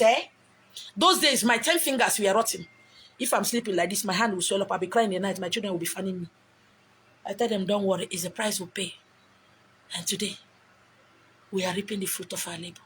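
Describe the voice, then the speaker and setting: A woman's voice: mid-range voice, slight background noise. A middle-aged Nigerian woman with a Nigerian accent, talking emotionally and a little preachily as she rambles on her own live video, recorded on a phone. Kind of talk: casual motivational live stream.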